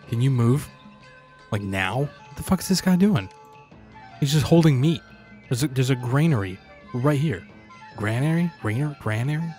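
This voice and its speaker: A man's voice: medium pitch, a little mellow. A man giving casual gameplay commentary, swearing and talking sarcastically to the characters on screen. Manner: profane, sarcastic, talks to game characters. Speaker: gaming channel host.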